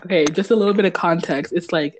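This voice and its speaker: A young woman co-hosting a podcast, chatting casually in a relaxed way. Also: lowish voice, fast, a little hiss or hum, rough recording. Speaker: podcast co-host. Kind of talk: casual chat.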